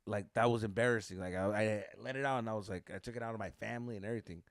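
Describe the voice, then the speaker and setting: A man's voice: on the low side, fairly even intonation, very fast, no room sound, studio quality. A young man co-hosting a podcast, telling a story in casual chat, swearing freely and dropping Spanish slang. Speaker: podcast co-host.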